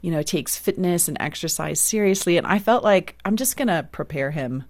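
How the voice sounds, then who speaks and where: A woman's voice: lowish voice, expressive, normal speed, a little mellow, no room sound. A middle-aged woman, a guest author on a radio interview, telling personal stories in a reflective way.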